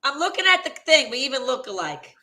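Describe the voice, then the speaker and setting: A woman musician talking in a casual chat, who laughs a lot and answers in quick short remarks. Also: high-pitched, big pitch swings, a crowd in the background. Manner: laughs often, gives short agreeing replies. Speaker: musician and arranger.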